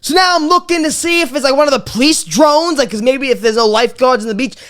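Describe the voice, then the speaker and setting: A woman in her twenties hosting a podcast, telling a comic story in an animated, swearing way with stammered restarts. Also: high-pitched, fast. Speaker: podcast host. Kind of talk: comedic storytelling monologue.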